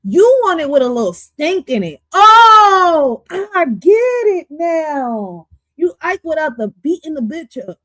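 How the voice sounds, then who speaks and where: A woman's voice: high voice, slow, no echo. Brash, profane woman livestream host. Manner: loud, profane, animated, jumps between topics; drops in Spanish exclamations. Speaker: livestream host reacting to clips. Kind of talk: casual livestream commentary.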